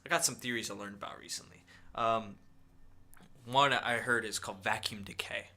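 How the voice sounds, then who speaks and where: Young male podcast co-host, bright voice, casual rambling chat. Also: fairly low pitch, moderate pace. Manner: rambling, lots of fillers and impressions.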